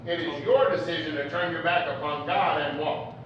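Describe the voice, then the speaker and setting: A man's voice: a little high, fairly even intonation, moderate pace, fairly bright tone, a little hiss or hum. A man preacher giving a folksy, joking sermon in a conversational storytelling manner. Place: church hall. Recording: echoey, distant, dull church recording.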